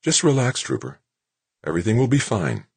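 A man voicing a calm woman rescuer who talks soothingly and reassuringly. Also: low voice, moderate pace, husky, dry recording, exaggerated voice.

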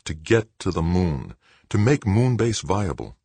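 A man reading a novel aloud as narrator, in a measured, even storytelling manner. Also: sits low, creaky, slightly rough, no echo. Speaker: audiobook narrator. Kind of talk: scripted narration.

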